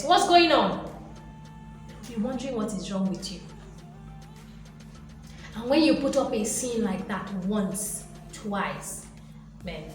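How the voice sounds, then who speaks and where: A woman giving an animated motivational talk who lectures her viewers and acts out little voices. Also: mid-range voice. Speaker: motivational vlogger. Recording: very echoey room, faint music behind.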